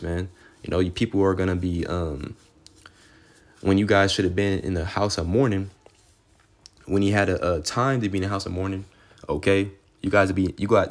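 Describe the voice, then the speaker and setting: A young man giving an informal, rambling Bible teaching, cursing freely and tagging his lines with "man" and "okay". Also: sits low. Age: young adult. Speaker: street preacher.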